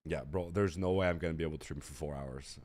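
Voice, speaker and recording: A man streaming a game live, sick, with an unusually deep and rough voice, chatting in slangy, exasperated asides to his viewers. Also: fast, darkish tone. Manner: slangy, exasperated, talks straight to chat. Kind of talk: casual live-stream chat.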